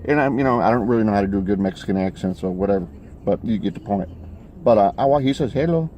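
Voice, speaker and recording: A man with a lowish voice rambles through a comic monologue, stacking fillers and restarts in a deadpan way. He records from inside a car, with faint road noise underneath. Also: quick pace. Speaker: comic character vlogger. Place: in a vehicle, driving.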